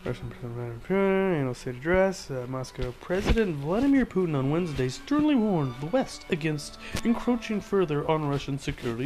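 A man's voice: on the high side, a little mellow, poor audio. A man hosting a casual podcast, ranting sarcastically about news headlines with a rambling, filler-heavy delivery. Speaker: podcast host.

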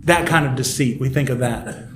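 Leading a casual Bible study group discussion in a church room, this man speaks with a mid-range voice at a moderate pace. He's animated, acts out quotes, and laughs frequently, while the echoey room carries background noise and chatter from the group.

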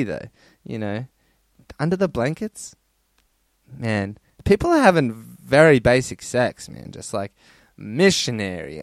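A man's voice: on the low side, big pitch swings, measured pace, no room sound, studio quality. A man hosting a podcast, casually reading listener stories in a crude, rambling way and laughing often. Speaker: podcast host.

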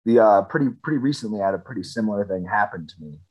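A man in his twenties chatting casually on a podcast, laid-back, with deadpan jokes and a lot of laughter. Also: fairly low pitch, very fast, slight background noise. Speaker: podcast co-host. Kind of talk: casual chat.

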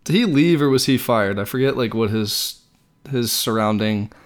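A man's voice: medium pitch, lively intonation, normal speed. A man co-hosting a podcast, chatting casually in a rambling, hesitant, wry way. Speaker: podcast co-host.

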